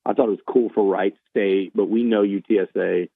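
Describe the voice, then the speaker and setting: A man talks through a baseball season in a loose, restarting way, circling back to repeat himself. His voice sits a little low. The sound is narrow and phone-like, with no room echo. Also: steady tone, fairly quick, gravelly. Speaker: baseball analyst. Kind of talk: casual sports talk. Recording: tinny phone-line sound.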